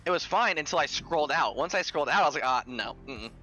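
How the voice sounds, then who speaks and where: A man's voice: on the high side, racing, bright, forceful tone, lo-fi sound, soft background music. A man chatting casually in gaming voice chat, blunt and joking, swearing offhand.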